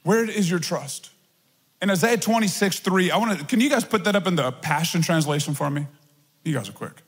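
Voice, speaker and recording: High husky preacher in an echoing hall. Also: male voice, brisk. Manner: conversational, animated preaching with acted-out voices. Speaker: pastor. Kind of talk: sermon. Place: large church hall. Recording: long hall reverb.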